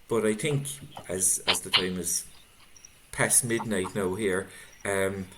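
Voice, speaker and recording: A man opening a video-call book chat as interviewer, easygoing and unhurried. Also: deep voice. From Ireland. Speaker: author interviewer. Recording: loud background noise.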